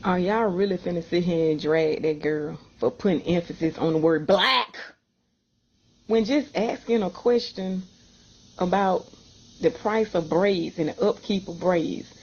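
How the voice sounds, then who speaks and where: A woman with a low, husky, mellow voice scolds in a blunt, exasperated way. The recording is dull and lo-fi. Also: a little slow. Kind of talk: casual video rant. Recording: dull lo-fi audio.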